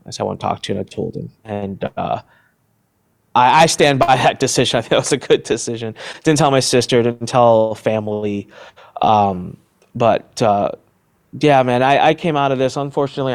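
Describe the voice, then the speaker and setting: Speaking in a mid-range voice, a middle-aged man who is an entrepreneur recounts a personal story as a podcast guest. He's lively and animated, performing the voices of the characters in his tale.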